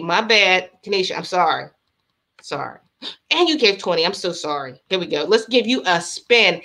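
A woman's voice: medium pitch, pushed and bright. A woman hosting a crochet livestream, chatting casually and bubbly with her viewers and reading out patterns.

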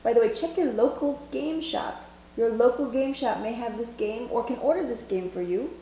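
A woman's voice: on the high side, normal speed, mellow, slight background noise. A woman co-hosting a board game review show, chatting casually and leading the talk. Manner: talkative, leads the review. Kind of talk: casual chat. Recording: echoey room.

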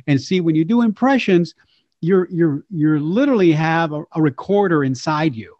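Older male storyteller, animated and playful, raised pitch, dull lo-fi dry sound. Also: normal speed, no room sound. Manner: lively, slips into character voices. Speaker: voice actor and impressionist guest.

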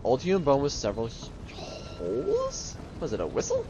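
A man chatting over a video game playthrough, his pitch swinging widely as he jokes and talks back at the enemies. The recording is noisy, with clear hiss and game sound under his voice. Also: wildly swooping pitch, normal speed, lo-fi sound. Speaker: gameplay commentator. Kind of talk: let's play commentary.

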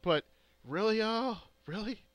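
A man co-hosting a casual gameplay chat, animated and laughing, often swearing and acting out his own reactions. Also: high voice, unhurried, no room sound. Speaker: co-host of a game video.

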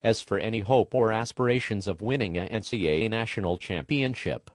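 A man's voice: fairly low pitch, a little fast, very noisy. A man from Minnesota co-hosting a comedic sports show, with hammy, theatrical announcer banter. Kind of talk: jokey scripted banter.

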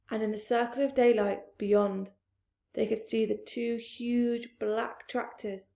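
A woman reading a children's storybook aloud, slowly and expressively, dropping into hushed asides. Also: mid-range voice, vocal fry. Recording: roomy echoey room.

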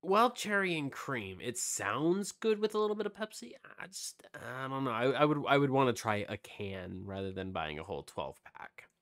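A man's voice: medium pitch, very animated, moderate pace, hardly any pauses, fairly bright tone. A man co-hosting a casual podcast, rambling through release dates and snack news with lots of fillers. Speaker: podcast co-host. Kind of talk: casual chat.

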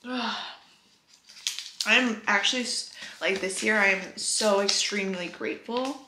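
A woman in her twenties chatting casually in a vlog, gushing and soft-spoken, sometimes dropping to a whisper. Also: mid-range voice, unhurried. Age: 20s. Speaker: vlogger. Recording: echoey room with faint noise.

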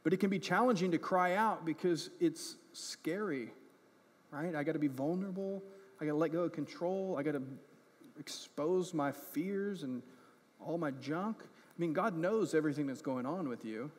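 Here a male pastor who is also a parent speaks at a normal pace in a husky, high voice, weaving personal storytelling into a chatty sermon. Frequent "right?" and "okay?" check-ins, self-deprecating humor, and growing animation in comic moments mark his talk, recorded with the reverberation of a church sanctuary.

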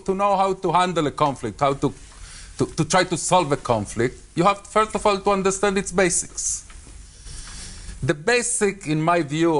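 A man speaking English with a Spanish accent as a debate panelist, pausing often with fillers and repeated words. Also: fairly high pitch. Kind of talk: public debate talk.

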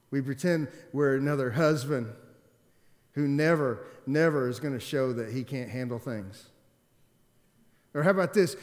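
Pastor preaching in an echoey hall. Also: male voice, mid-range voice. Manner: storytelling, swings from loud emphatic to quiet and subdued. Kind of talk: sermon. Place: church. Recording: long hall reverb.

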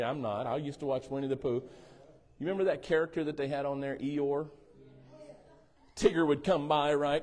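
Man, pastor, playful sermon delivery with call-and-response asides, voice a bit high. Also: a little mellow. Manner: playful, teasing asides, asks congregation for responses. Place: church sanctuary.

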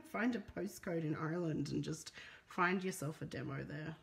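A woman's voice: low voice, moderate pace, gravelly. A middle-aged Australian woman chatting casually through a live papercraft demo, reading out viewer comments as she works. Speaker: papercraft demonstrator. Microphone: phone.

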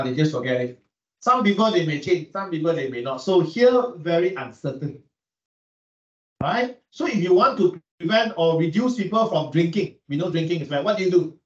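A man with a Malaysian English accent gives a classroom lecture, pitched a bit high and caught from a distance. The room rings with echo and the sound is dull. He keeps checking in with the class through quick rhetorical questions. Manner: asks students frequent rhetorical questions; repeats words while searching for them. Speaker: economics lecturer.

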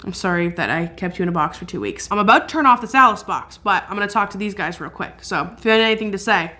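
A woman hosts a paranormal vlog in a casual, earnest chat aimed at a haunted doll. Her voice is bright and sharp, with a middle pitch. She gets excitable and rattles off words in quick bursts. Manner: chatty, earnest and excitable, talks fast in bursts.

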